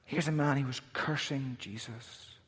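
A man's voice: medium pitch, a little slow, a bit bright, husky. A male pastor preaching a sermon with emphatic, rhythmic repetition. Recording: long hall reverb.

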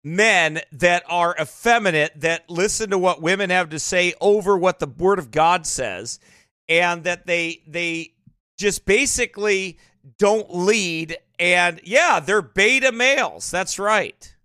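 A man's voice: high voice, takes it slowly, sharp tone, no room sound, studio quality. A man speaking as a pastor in a sermon-style commentary, emphatic and repeating tag questions like "right?" and "eh?".

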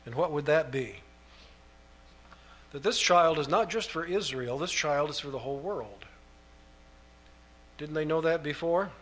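A man's voice: measured pace, long pauses, a bit bright. Man preaching with rising scripture emphasis. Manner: reads scripture aloud, rising emphatically on key phrases, dropping low on asides. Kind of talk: sermon.

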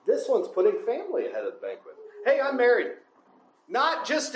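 High-pitched male preacher, conversational sermon delivery. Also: huge pitch swings, brisk, reverberant, rough recording. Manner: conversational, often asks the congregation "right?".

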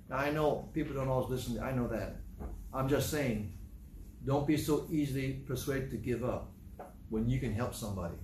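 A male pastor preaching a sermon in a church hall, animated and emphatic, repeating his points and acting out quotes. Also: medium pitch, normal speed. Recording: echoey room with faint noise.

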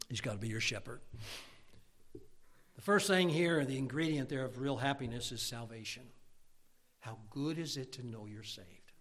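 A middle-aged pastor preaching a sermon, folksy and conversational, swelling into emphatic outbursts. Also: male voice, medium pitch, a bit bright, in a large hall.

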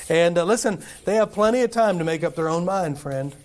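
A man's voice: high-pitched, expressive, fairly quick, few pauses, a little mellow. A middle-aged man preaching a sermon in a church, talking with the congregation in a conversational way and asking them questions. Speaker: pastor. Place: church sanctuary.

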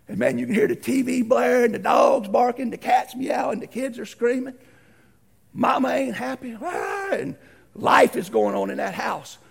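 Gravelly preacher, high voice. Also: male voice, normal speed, raised voice. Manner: animated, acts out voices in stories. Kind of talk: folksy storytelling sermon.

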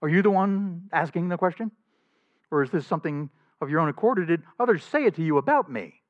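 A man voicing a calm prisoner who puts measured, probing questions back to his judge. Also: fairly high pitch, voice pushed up, close to an everyday voice. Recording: slightly dull lo-fi recording.

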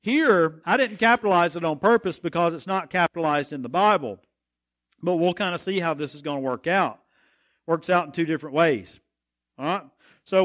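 A man teaching a Bible study lesson, reading scripture slowly and emphatically and then explaining it in plain talk. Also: high voice, lively intonation, a bit bright.

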